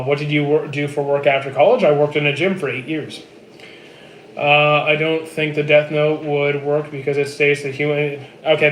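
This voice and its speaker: Man in his thirties, from Canada, casual stream chat, slightly high voice, echoey room, faint hiss. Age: 30s. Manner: relaxed, dry, answers chat questions flatly. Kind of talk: casual live-stream chat reading comments.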